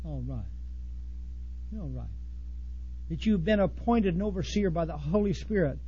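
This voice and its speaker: A man preaching a blunt, folksy sermon to ministers, swinging from loud outbursts to hushed asides. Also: high voice, animated, normal speed, slightly rough, dull audio. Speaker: pastor.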